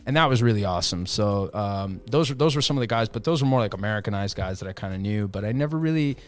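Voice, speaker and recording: A man telling a bar story in casual chat, animated and swearing, acting out the voices of the people in it with many fillers. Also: on the low side, quick pace. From Puerto Rican roots, raised in New Jersey/New York area. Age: adult, former indie wrestler. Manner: animated storyteller, lots of fillers and profanity, acts out quotes.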